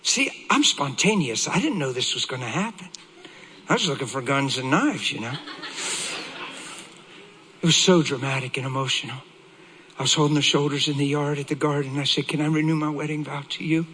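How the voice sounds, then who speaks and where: A middle-aged man, a pastor, giving an emotional, animated sermon testimony. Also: mid-range voice, moderate pace, long pauses, breathy edge, rough recording.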